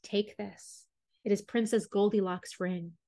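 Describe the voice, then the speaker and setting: A grateful talking golden carp from a fairy tale, as a woman reader puts her on, gentle and solemn. She speaks softly at an ordinary middle pitch. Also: steady tone, a little slow, natural voice.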